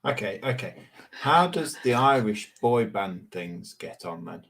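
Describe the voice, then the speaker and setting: A man's voice: fairly low pitch, expressive, unhurried, creaky, a bit bright. A man co-hosting a casual livestream, teasing and jokey, often dropping into whispered asides. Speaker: co-host. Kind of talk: casual live-stream banter.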